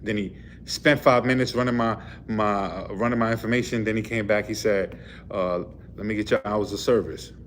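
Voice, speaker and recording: A man's voice: lowish voice, steady tone, normal speed, slight background noise. A man, a truck driver, casually retelling a run-in with the police, rambling and full of fillers. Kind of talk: casual storytelling vlog. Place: in a vehicle.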